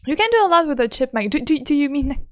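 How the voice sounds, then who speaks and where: A woman's voice: high-pitched, animated, fast. A woman streaming a game in casual, playful chat, speaking English as a second language and giggling often as she greets her viewers.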